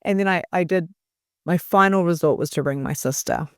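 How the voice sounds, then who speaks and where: A woman's voice: low voice, a little fast, no echo, clean studio sound. A middle-aged woman, a guest on a podcast, telling a personal story in an earnest, emotional way with frequent restarts. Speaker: podcast guest, spiritual mentor.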